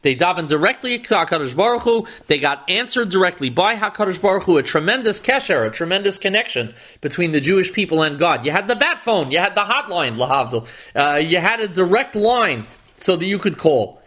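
Man, scripture lesson, high voice, very lively swooping pitch, dramatic readings, wry asides. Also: brisk. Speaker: Torah teacher.

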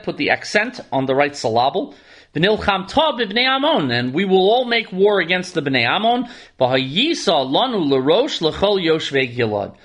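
A man with a notably high-pitched voice leads a Torah study class. He reads a verse aloud, then translates and unpacks it in an explanatory teaching manner. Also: fairly bright tone. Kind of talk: text study lecture.

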